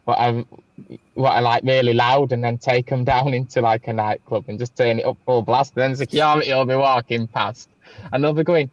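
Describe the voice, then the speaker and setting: A man's voice: mid-range voice, steady tone, a little fast, dry recording. Giggly man, dull dry recording. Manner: giggly, rambling, joking. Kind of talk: casual chat.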